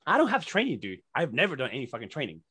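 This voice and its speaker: Guest man, bright lively voice, loose profane storyteller. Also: medium pitch, very fast, slightly rough. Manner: animated, profane, lots of fillers. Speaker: podcast guest telling a story. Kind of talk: casual storytelling.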